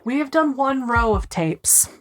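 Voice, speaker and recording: Animated swearing woman, higher voice. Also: a little slow, a little hiss or hum. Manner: animated, swears freely, jumps to high-pitched quote voices. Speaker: podcast co-host. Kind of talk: casual chat. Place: home apartment.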